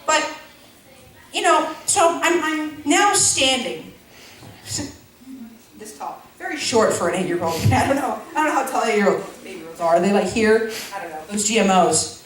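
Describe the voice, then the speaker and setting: A woman's voice: fairly high pitch, very animated, moderate pace. Giggly rambling woman comic in an echoey hall. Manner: rambling, self-interrupting, giggly asides. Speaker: stand-up comedian. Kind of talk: stand-up comedy storytelling. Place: school event hall. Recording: echoey hall, far from mic, noisy.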